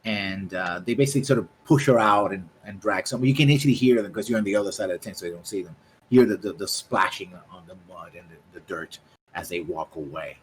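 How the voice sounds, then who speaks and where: A man's voice: deep voice, quick pace, a little hiss or hum, low-quality recording. A man running a tabletop game, describing scenes in a rambling way with many restarts. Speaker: game master.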